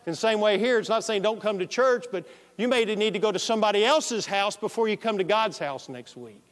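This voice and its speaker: Male pastor, fairly high voice, animated storytelling sermon, long hall reverb. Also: a little fast. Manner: storytelling, animated, quoting himself. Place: church sanctuary.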